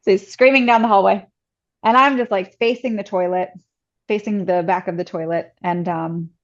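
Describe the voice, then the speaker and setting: A woman's voice: mid-range voice, normal speed. Chatty woman with a dull, lo-fi sound. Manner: chatty, many "like" fillers, lively acted-out quotes. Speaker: podcast guest. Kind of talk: casual personal storytelling.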